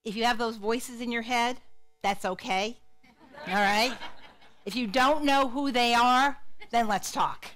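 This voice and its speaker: A middle-aged woman psychologist giving a lively, interactive talk to a live audience, often putting questions to the crowd. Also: fairly high pitch, a little slow, slight background noise. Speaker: psychologist and speaker.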